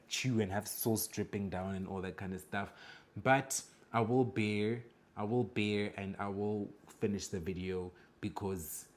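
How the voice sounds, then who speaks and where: A man with a fairly low voice reacts to clips with blunt, judgmental remarks. He lectures his viewers in a direct, opinionated way. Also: darkish tone. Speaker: reaction video host. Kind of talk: reaction commentary.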